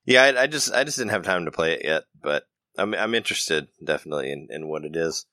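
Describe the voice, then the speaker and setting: A man's voice: low-pitched, lively intonation, fast, bright, forceful tone, no echo. A man hosting a casual gaming chat, who laughs often and restarts his sentences. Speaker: podcast host.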